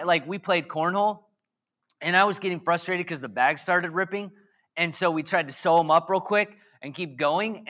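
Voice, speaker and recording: Kinda hoarse pastor guy, bright punchy voice, rambly jokey sermon, keeps quizzing the crowd. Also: sits high. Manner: rambling, jokey, asks the audience questions. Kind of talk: casual conversational sermon.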